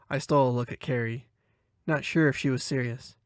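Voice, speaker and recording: Man narrating a dark short story. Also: medium pitch, fairly even intonation, brisk, clean tone, no room sound, studio quality. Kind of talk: first-person horror story narration.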